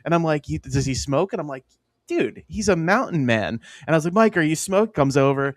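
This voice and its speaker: A man's voice: fairly high pitch, expressive, a little fast, no echo. A man from Pennsylvania co-hosting a podcast, telling rambling stories in casual banter and laughing often. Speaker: podcast co-host.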